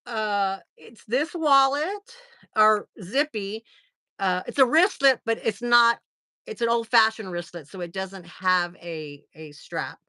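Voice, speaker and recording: A woman hosts a livestream, chatting casually and rambling with plenty of fillers, turning gushing and effusive whenever she thanks viewers. Her mid-range voice has a sharp tone, recorded dry at studio quality.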